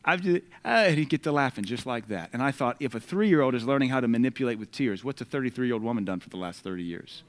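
A man, preaching a sermon and swinging between loud declarations and quiet asides. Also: mid-range voice, expressive, quick pace, few pauses. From United States.

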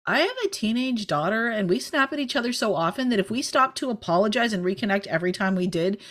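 A woman in her forties giving candid parenting advice in casual conversation, talking in quick bursts and often checking in with "right?". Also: medium pitch. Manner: lively, candid, rapid bursts with frequent "right?". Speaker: podcast co-host, parenting guest.

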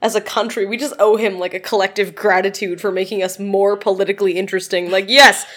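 A woman's voice: mid-range voice, fairly even intonation, fast talker, a bit bright. A young woman co-hosting a podcast, trading sarcastic jokes and casual swearing. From Canada. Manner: wisecracking, swears, laughs a lot. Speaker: podcast co-host. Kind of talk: casual banter.

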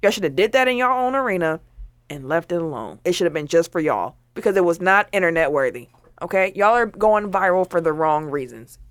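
A sassy woman co-host scolds her subject in casual show chat. Her pitch swings in a lively way as she presses each point. The sound is dry and close. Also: fairly quick, no echo.

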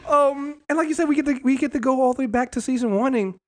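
A young adult man hosting a casual TV recap show, talking in a lively, rambling way full of fillers and restarts. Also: very high voice, quick pace. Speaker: podcast host.

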